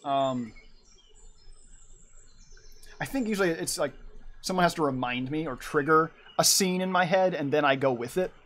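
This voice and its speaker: A man's voice: on the high side, a little hiss or hum. A man streaming from his room at home, chatting casually and rambling while he draws and answers his chat. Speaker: art streamer.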